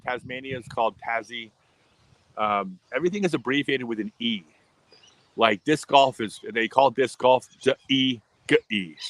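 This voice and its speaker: A middle-aged American man hosts a livestream, chatting casually, rambling, and often restarting his sentences. His mid-range voice has a sharp tone, and the audio quality is poor.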